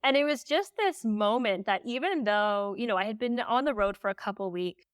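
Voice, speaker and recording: A woman guest on a podcast telling a story candidly, animated and full of "like" fillers. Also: fairly high pitch, fairly quick, clear, resonant tone, dry recording, clean studio sound. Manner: emotional when recalling.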